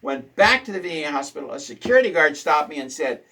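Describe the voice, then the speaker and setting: A man's voice: a little high, lively intonation, fast talker, background noise. A man hosting a casual talk show, ranting indignantly and repeating his points for emphasis. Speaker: host.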